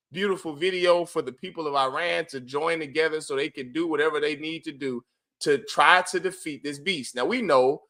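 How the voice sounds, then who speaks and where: A man hosting a livestream, giving a forceful, preachy commentary and often calling his listeners brother. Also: on the high side. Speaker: host of a religious group's class.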